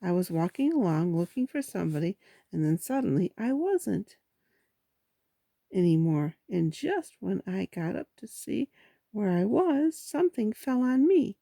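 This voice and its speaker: Lady reading as a tiny nervous piglet boy, squeaky, a bit gravelly, dry close sound. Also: sing-song, a little slow, dark tone, dry recording, full character voice. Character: small timid young male piglet. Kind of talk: storybook read-aloud.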